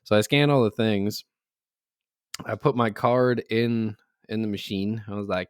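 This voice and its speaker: Laughing low-voiced male podcast co-host. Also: unhurried, smooth, no room sound, clean studio sound. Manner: laughs through his stories, acts out quoted voices. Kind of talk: casual chat.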